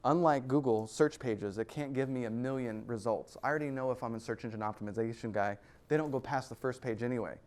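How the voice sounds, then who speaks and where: Energetic male presenter, mid-pitched, playful with the crowd, for a live seminar talk. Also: fast, few pauses. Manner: energetic and joking, laughs between points. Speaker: guest speaker at an investor club.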